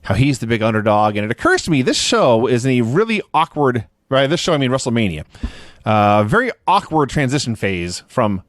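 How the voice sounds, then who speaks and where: A man's voice: mid-range voice, very animated, fairly quick, no room sound, studio quality. A man co-hosting a podcast, chatting casually and rambling with restarts and chuckles. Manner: rambling, restarts, chuckles at his own jokes. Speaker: podcast co-host reviewing wrestling shows. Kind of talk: casual chat.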